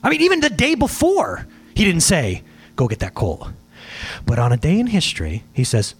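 A man preaching a sermon to his congregation, emphatic and animated, asking for slides as he goes. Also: fairly high pitch, moderate pace, husky. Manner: asks for slides during the talk. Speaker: pastor.

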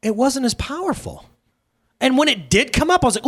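Man preaching, high voice, very lively pitch, chatty sermon delivery, asks listeners questions. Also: brisk. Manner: animated, conversational, asks the audience questions often. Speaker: pastor.

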